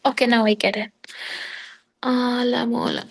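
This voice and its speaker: A woman's voice: a little high, flat delivery, measured pace, gravelly, slightly rough. A woman student answering in a French lesson over a video call, hesitant and thinking aloud.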